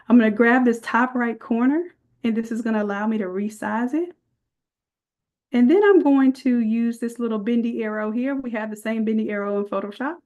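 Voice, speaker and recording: A woman design instructor with a higher-pitched, darkish voice leads a live online design class. Chatty and folksy, she calls her viewers y'all while walking them through the steps.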